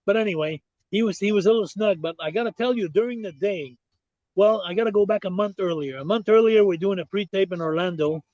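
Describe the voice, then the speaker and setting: A man's voice: high voice, dry recording. Older Québécois man telling a story. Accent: Québécois French. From Quebec, Canada. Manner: animated storyteller, many restarts and "I said". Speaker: guest. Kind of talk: storytelling interview. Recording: dull, lo-fi dry sound.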